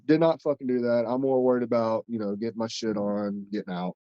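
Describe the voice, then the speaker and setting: A man's voice: mid-range voice, steady tone, fairly quick, smooth, no echo, lo-fi sound. A man hosting a podcast, telling a story in a casual, rambling way and swearing constantly. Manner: blunt, heavy swearing, rambling. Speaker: podcast host and wrestler.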